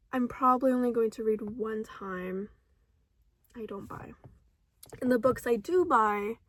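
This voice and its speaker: Animated young woman chatting about books. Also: a little high. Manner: dramatic, swings from mumbled asides to excited shouts. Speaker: book vlogger. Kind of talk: casual book review chat. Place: home, filming on a phone. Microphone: phone camera.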